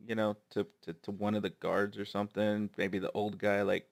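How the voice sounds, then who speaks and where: A man talking as a player in a tabletop game, halting and repeating words. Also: lowish voice, level tone, creaky. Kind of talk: casual tabletop play.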